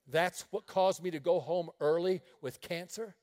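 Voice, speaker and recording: A man pastor preaching a sermon through lively, laughing storytelling. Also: sits high, unhurried. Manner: animated storytelling with frequent laughter.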